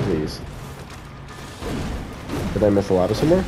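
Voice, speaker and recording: Man, gameplay commentary, cursing at enemies, low voice, game music playing behind. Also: lively intonation, normal speed. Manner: swears heavily, shouts at enemies, then mutters to himself. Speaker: gaming streamer.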